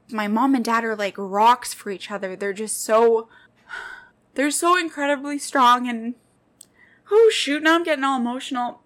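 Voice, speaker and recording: Speaking directly to her listeners, a podcast host in her late twenties tells personal stories in a sincere, heartfelt monologue. Her voice is a little high, with a fairly bright tone.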